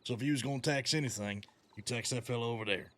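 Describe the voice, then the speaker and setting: A man plays a commanding western outlaw boss in role-play. He talks in a folksy, cursing drawl at a middle pitch. A faint hum sits under the headset recording. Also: fast, fairly bright tone. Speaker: gang leader in role-play.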